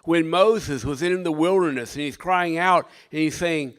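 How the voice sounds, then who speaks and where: An older man, a pastor, delivering a sermon with dynamic preaching that swings from loud emphasis to hushed tones. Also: a little high, moderate pace, smooth, no room sound.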